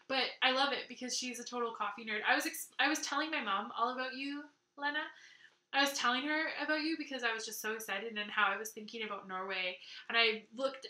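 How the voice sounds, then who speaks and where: A high, very bright-voiced woman from Canada chats excitedly to camera as a knitting podcast host. She gushes and laughs easily, and her voice rings around an echoey room at home. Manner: excitable, gushing, laughs often. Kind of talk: casual chat to camera.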